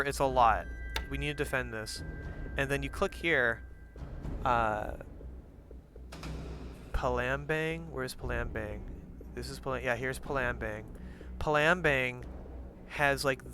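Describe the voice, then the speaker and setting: A man's voice: medium pitch, unhurried, pauses often, noisy background. A young man giving casual, profane commentary while playing a strategy game, rambling with lots of fillers and jokes.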